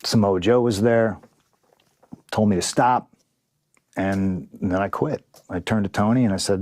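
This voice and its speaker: Man, podcast guest, low voice, close dry mic, blunt cursing storyteller. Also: a little slow, pauses often, a little mellow, no room sound. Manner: profane, vivid, acts out dialogue. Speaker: podcast guest, pro wrestler. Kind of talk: casual storytelling interview.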